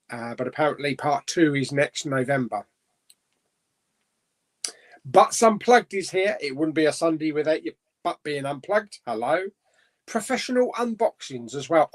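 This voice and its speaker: A man hosting a casual live chat, reading out viewer comments in an easygoing, chatty way with frequent little laughs. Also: a little high. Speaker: host of a live chat stream.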